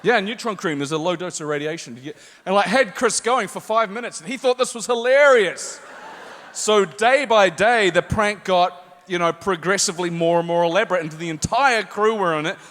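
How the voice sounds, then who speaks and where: Kiwi male guest on a con panel, higher voice, animated anecdote teller, echoey hall. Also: normal speed. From New Zealand. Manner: animated storyteller, acts out voices. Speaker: guest actor on a convention panel. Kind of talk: live anecdote storytelling to an audience. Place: large convention hall. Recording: echoey convention hall, faint noise.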